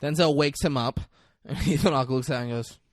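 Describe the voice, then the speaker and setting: A man co-hosting a podcast in casual chat, retelling a film scene with lots of swearing and quick acted-out lines. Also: mid-range voice, no echo, clean studio sound. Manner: animated, profane, acts out film lines in quick voices. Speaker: podcast co-host.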